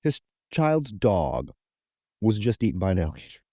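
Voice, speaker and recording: A man's voice: lowish voice, normal speed, creaky, no room sound, highs cut off. A man co-hosting a horror film podcast, retelling the plot casually with lots of swearing. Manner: profane, animated plot retelling with acted quotes. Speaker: podcast co-host. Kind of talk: casual film recap chat.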